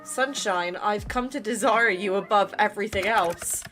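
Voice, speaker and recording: Give me a woman playing a reluctant young male grim reaper, low and quiet, with a bright tone. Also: normal speed, faint music behind, natural voice. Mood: tender.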